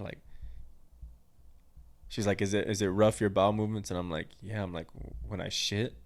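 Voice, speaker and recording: A young podcast host with a fairly low voice tells a personal story bluntly and crudely, rambling along and swearing plenty.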